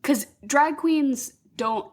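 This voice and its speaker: A woman's voice: sits high, drawn-out words. A woman co-hosting a podcast, recapping a film in a chatty, storytelling way during casual conversation. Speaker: podcast co-host. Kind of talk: casual film-review chat.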